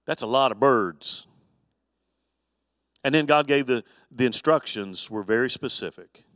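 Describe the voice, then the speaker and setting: A man, a pastor, teaching an evening adult Bible study in a folksy, animated storytelling way with touches of humor. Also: medium pitch, unhurried, long pauses, dry recording, studio quality, long reverb tail.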